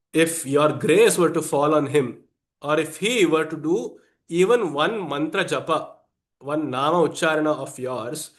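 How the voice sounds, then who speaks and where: A man teaching the meaning of a Sanskrit hymn, rephrasing each point and mixing in Sanskrit words. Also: fairly high pitch. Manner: explanatory, repeats and rephrases, Sanskrit terms mixed in. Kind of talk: explaining a devotional hymn.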